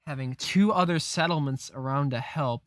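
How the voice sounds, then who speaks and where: A man reading the lines of a determined young woman who is leaving the boy she raised, in a slow, earnest delivery. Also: on the high side, no echo, studio quality, natural voice.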